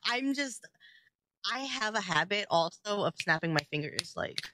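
A young adult woman co-hosting a podcast in casual chat, animated and laughing, swearing freely. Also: mid-range voice, normal speed, noisy background. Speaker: podcast co-host.

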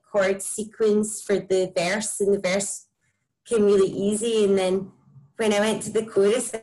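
A woman with a broad Scottish accent, a musician chatting casually and warmly about her music in an interview, with lots of "like" and "um". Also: medium pitch, poor audio. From Scotland. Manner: chatty, enthusiastic, many likes and ums. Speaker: musician guest.

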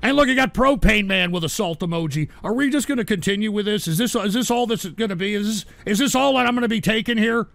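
A man's voice: high voice, fast talker, vocal fry, hardly any pauses, a bit bright, no room sound. A man hosting a livestream show, reading viewer donations and ranting at trolls with irritable, profane outbursts. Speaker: host.

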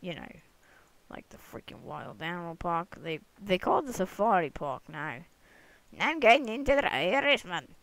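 A young adult rambling jokily through gameplay commentary, breaking into sudden excited whoops now and then. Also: mid-range voice, normal speed, no echo, low-quality recording. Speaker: gamer recording gameplay commentary. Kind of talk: casual let's-play commentary. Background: other people talking in the room.

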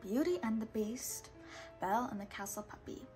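A woman reads a children's storybook aloud, steady and patient. Her voice sits fairly high. She sometimes stops to correct a word and carries on. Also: normal speed, soft background music. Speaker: storybook reader.

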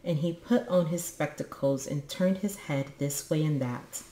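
A woman reading a children's book aloud in an expressive, lively way. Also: deep voice, unhurried. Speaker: storybook reader.

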